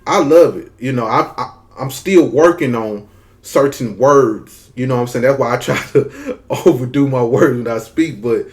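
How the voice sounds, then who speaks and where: A man's voice: mid-range voice, normal speed. Southern man with a Mississippi drawl. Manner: laid-back, drags words, slangy, frequent "you know what I'm saying". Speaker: content creator. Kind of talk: casual storytelling monologue.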